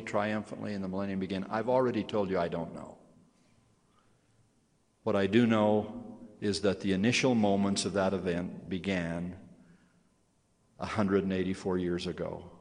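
A low-voiced man preaches slowly and deliberately to a young congregation. His earnest, solemn delivery rises in force on key phrases. His voice carries a long reverb through a large hall. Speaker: church leader addressing young members. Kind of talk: sermon.

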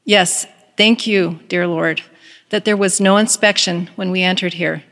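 A woman's voice: on the low side, steady tone, unhurried, a bit bright, big-room sound. A woman voicing a weary, reluctant woman prisoner who reads scripture and prays grudgingly.

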